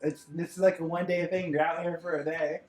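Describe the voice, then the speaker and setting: A man's voice: on the high side, level tone, quick pace, darkish tone, roomy sound. A man playing a tabletop game, answering in short, laid-back replies. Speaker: player. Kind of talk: casual tabletop game play.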